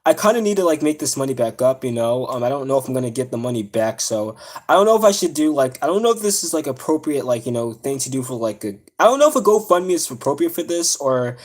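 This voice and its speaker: A man's voice: medium pitch, very animated, quick pace, darkish tone. Upset young man, rambling. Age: young adult. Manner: upset, rambling, many fillers and restarts. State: near tears. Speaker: streamer telling a personal story. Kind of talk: casual live-stream storytelling.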